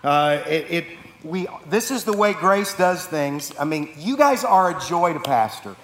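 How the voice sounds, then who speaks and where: A man's voice: a little high, animated, measured pace, a bit bright, in a large hall. A man preaching to his church, telling a humorous story in a rambling, self-correcting way. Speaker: pastor. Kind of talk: sermon announcements and anecdote. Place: church sanctuary.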